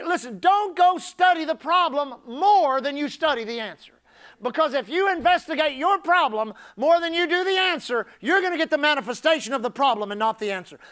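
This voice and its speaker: A male pastor preaching a sermon emphatically, building up to shouted climaxes. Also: very high voice.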